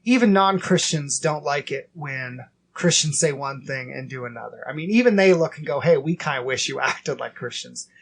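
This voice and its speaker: A man in his thirties hosting a casual faith podcast, earnest and acting out inner dialogue in quick quoted bits. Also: a little high, creaky, slightly rough. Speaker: podcast host.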